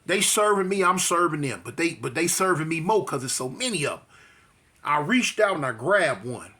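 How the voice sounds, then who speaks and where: A man telling a street fight story in slangy, animated talk, acting out voices and punch sounds. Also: fairly high pitch, moderate pace, slightly rough.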